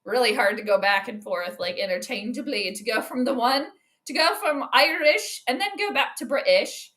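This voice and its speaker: A woman with a fairly high voice hosts a laid-back live stream commentating on football, talking at a moderate pace. She's chatty and excitable, reads comments aloud, and laughs often.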